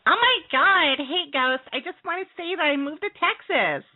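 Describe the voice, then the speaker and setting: A male caller putting on a high, giggly woman's voice and rambling with crude jokes. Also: expressive, moderate pace. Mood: giddy. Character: giddy high-voiced flirty woman, silly and breathless. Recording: tinny phone line over radio.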